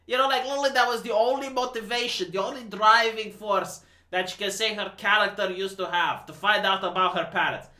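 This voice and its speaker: A man's voice: high voice, steady tone, fairly quick, sharp tone. A man from Romania hosting a livestream, ranting casually about a movie in an incredulous, profane manner. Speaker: livestream host. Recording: roomy echo.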